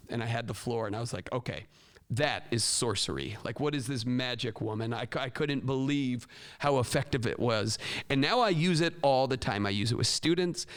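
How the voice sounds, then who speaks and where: A man hosting a casual advice talk for teachers, lively and animated, acting out classroom call-outs with big jumps in pitch. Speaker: podcast host and teacher educator.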